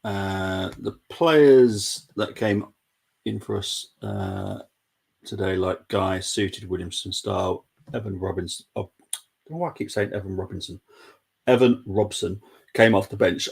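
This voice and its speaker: A man's voice: on the low side, fairly even intonation, a little slow, creaky, a little mellow, slightly rough. A young man hosting a live football watchalong stream, chatting casually and reading out viewer messages. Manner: chatty, reads out viewer messages, laughs often.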